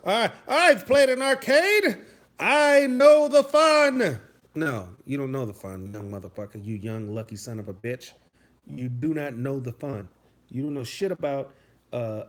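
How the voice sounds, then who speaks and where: A man in his thirties delivering a loud, profane comedic rant, mock-scolding his chat as a streamer. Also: mid-range voice.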